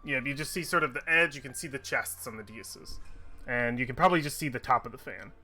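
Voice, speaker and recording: A man running a tabletop game as game master, describing the scene in a measured, searching way. His voice is bright and clear, at an average pitch for a man. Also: soft background music. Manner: measured descriptive narration, occasional searching pauses.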